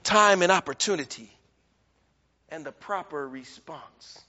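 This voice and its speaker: A man with a bright, high voice gives a slow-paced sermon, emphatic enough to climb to near-shouts before falling low. Long reverb follows every phrase, and the recording is muffled and dull.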